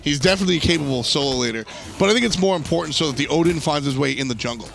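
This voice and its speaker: A man's voice: on the high side, very fast, creaky, a bit bright, a little hiss or hum. A man casting live esports, breaking down picks and items in an analytical, chatty way with frequent restarts. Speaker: esports caster.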